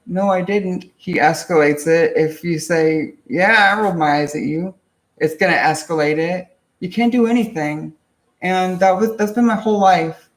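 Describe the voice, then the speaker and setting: A young man speaks in a high voice with a gravelly, creaky texture. He tells his own story casually, stopping and restarting often and swearing freely. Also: echoey room. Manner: halting, many restarts and fillers, frequent swearing. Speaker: vlogger.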